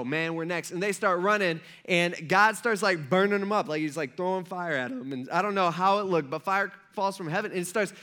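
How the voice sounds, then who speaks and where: Bright high-voiced young-sounding pastor preaching. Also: male voice. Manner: conversational storytelling with lots of "like" and voiced quotes. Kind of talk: casual sermon.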